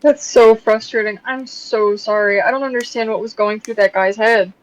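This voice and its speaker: A woman's voice: on the high side, steady tone, moderate pace, dry recording, highs cut off. Woman on a phone, dry sound. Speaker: player. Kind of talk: casual chat.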